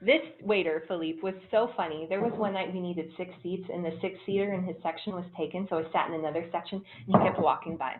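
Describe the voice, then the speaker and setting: A woman casually telling stories about a trip, animated and laughing often. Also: lowish voice, fast talker, hardly any pauses, background noise. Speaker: traveler sharing trip photos. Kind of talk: casual storytelling. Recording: tinny phone-like line.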